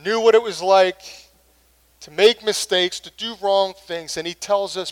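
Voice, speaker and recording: A man's voice: high voice, measured pace, smooth. A middle-aged male pastor preaching a sermon in an earnest, conversational way.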